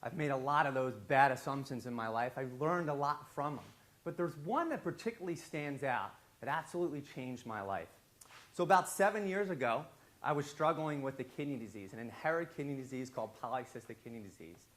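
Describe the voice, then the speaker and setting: A man telling an animated story on stage in a large, very echoey hall. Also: mid-range voice, fairly quick. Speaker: public speaker. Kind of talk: storytelling talk. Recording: very echoey hall, faint ambience.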